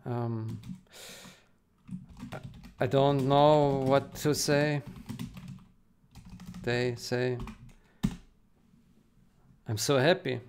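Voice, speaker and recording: A man who talks to his channel in a halting, casual way, repeating himself as he speaks about his work on a game. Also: medium pitch, steady tone, darkish tone, slight background noise. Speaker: game modding developer. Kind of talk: casual emotional vlog recording.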